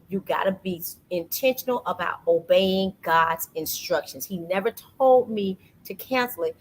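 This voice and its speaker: A woman hosting a casual faith talk, telling a personal story with lively energy and acting out what people said to her. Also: mid-range voice, unhurried, low-quality recording. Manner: animated storytelling, acts out quoted voices. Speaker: podcast host. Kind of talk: casual faith testimony chat.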